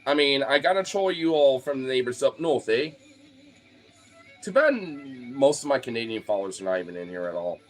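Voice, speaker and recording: A man's voice: mid-range voice, lively intonation, normal speed, soft background music. A man streaming to his followers in a casual, rambling rant, swearing freely, leaning on fillers and often laughing. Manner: profane, loose, filler-heavy with frequent laughs.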